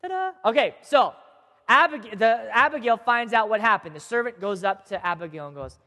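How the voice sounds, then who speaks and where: A man teaching a group of kids, telling a Bible story in a chatty, animated way and checking in with them often. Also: sits high, moderate pace. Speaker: youth teacher. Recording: long hall reverb.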